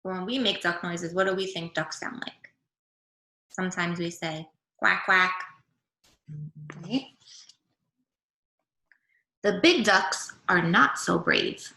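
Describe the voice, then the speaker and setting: A woman teacher reading a picture book aloud to young children over a video call, gently asking them questions as she goes. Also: on the low side, big pitch swings, slow pace, long pauses. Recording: echoey room.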